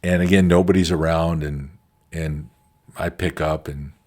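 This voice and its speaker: A man's voice: extremely low pitch, steady tone, a little slow, a little mellow. A man teaching quality management through conversational stories from his work. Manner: conversational, anecdotal. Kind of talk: storytelling lecture.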